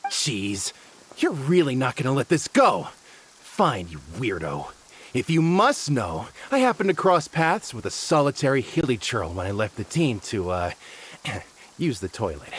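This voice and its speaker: A man's voice: medium pitch, huge pitch swings, measured pace, slight background noise. An actor voicing a flippant young male forest ranger with a casual, dismissive way of talking, as game voice acting. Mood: grudging.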